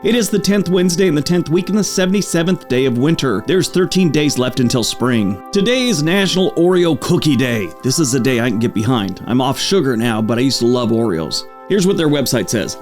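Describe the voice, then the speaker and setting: A man's voice: medium pitch, sing-song, fairly quick, hardly any pauses, faint music behind. A man hosting a daily history podcast, reading dates and adding casual, conversational asides. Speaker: podcast host.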